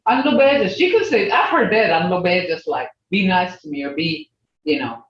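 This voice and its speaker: An older woman teaching an online language class, patiently repeating words slowly for her learners. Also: lowish voice, animated, far from the mic. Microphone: video call. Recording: roomy lo-fi video call audio from off-mic.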